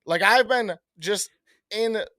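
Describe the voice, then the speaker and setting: A young man co-hosting a podcast, joking and swearing in an animated, casual chat. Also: sits high, measured pace, dry recording, clean studio sound. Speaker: podcast co-host.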